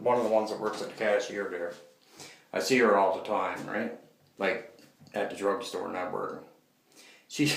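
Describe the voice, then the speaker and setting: A man's voice: lowish voice, a bit bright. A man telling a story in a rambling monologue vlog, repetitive and profane. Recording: roomy echo.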